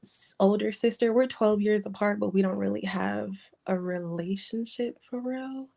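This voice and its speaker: A hesitant young woman with a gravelly edge. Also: medium pitch, mellow. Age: 20s. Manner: hesitant, halting, many ums and pauses. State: holding back tears. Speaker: caller seeking advice. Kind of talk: emotional personal call-in.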